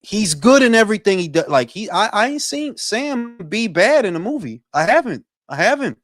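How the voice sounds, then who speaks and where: Animated man in profane casual chat. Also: sits high, normal speed, dry recording. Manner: animated, profane, laughs often. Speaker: podcast host.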